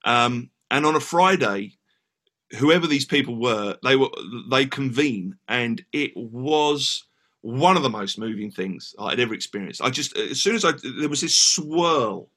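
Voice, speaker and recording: An English man telling a story as a guest in a casual podcast interview, animated and full of restarts. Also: medium pitch, measured pace. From England. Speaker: guest musician.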